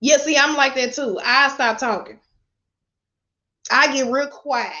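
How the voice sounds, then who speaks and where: Unfiltered motivational lady cussing and laughing on a live, kinda high voice, muffled stream sound. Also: a little slow, pushed and bright. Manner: blunt, profane, laughs often. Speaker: motivational speaker. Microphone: webcam or phone camera.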